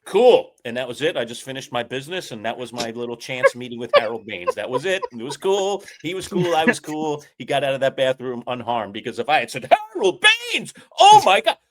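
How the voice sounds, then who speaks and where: A man's voice: mid-range voice, quick pace, hardly any pauses. A man hosting a talk show, telling a story in a casual chat with long, emphatic asides. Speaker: host.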